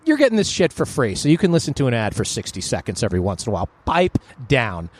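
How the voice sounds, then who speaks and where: A man hosting a podcast, chatting in a joking, animated way. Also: mid-range voice, quick pace, hardly any pauses. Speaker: podcast host. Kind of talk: casual chat.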